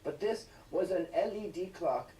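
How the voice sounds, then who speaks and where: A man's voice: high voice, animated, normal speed, dark tone. A man delivering a mocking, profane satirical rant. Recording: echoey, distant, faint hiss.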